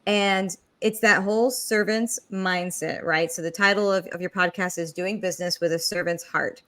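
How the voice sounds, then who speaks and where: A woman's voice: lowish voice, fairly even intonation, moderate pace, fairly bright tone. A woman hosting a podcast interview, talking in a chatty, enthusiastic way. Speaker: podcast host. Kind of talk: conversational interview.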